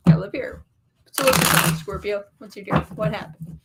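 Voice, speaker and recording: A woman's voice: mid-range voice, animated, normal speed, creaky, heavy background noise. A woman doing a tarot reading on a live stream, chatty and teasing, talking casually to viewers. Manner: chatty, teasing, laughs easily. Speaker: tarot reader on a livestream.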